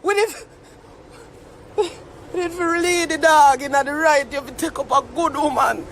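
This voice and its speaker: A man's voice: very high voice, steady tone, moderate pace, fairly bright tone, slight background noise. A young Jamaican man ranting on a live stream, mock-tearful and theatrical. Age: young adult. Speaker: social media commentator.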